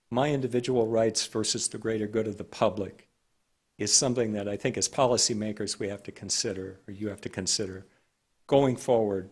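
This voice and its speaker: A man speaking as a public health director at a county board meeting, measured and halting with frequent restarts. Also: fairly low pitch, husky.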